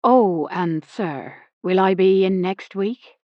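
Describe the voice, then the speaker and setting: A woman voicing a tired, wheezy old Irish man who sweeps a car showroom, speaking softly and politely. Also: high voice, animated, takes it slowly, no room sound, dull audio. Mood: polite, deferential. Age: older. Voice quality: wheezy breathing. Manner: soft, polite, deferential.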